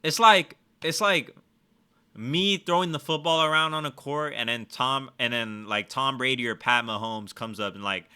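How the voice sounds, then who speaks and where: Excitable, foul-mouthed gamer guy. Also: mid-range voice, moderate pace, hardly any pauses, clear, resonant tone. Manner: profane, excitable trash talk. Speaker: gaming streamer. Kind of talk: let's-play commentary.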